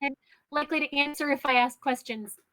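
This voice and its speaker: A woman's voice: high-pitched, steady tone, a little fast, a crowd in the background. A woman playing a tabletop game, asking lots of questions and a bit confused. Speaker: player.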